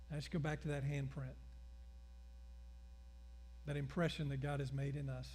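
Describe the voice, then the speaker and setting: A middle-aged male pastor preaching a sermon, telling stories with acted-out dialogue in an animated way. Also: mid-range voice, normal speed, long pauses, husky.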